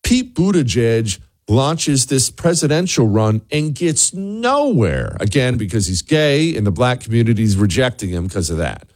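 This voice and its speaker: A man's voice: medium pitch, sing-song, moderate pace, darkish tone, no echo, clean studio sound. A man hosting a talk radio show, delivering an opinionated monologue with sarcastic asides and emphatic repetition. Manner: emphatic, repeats words for punch.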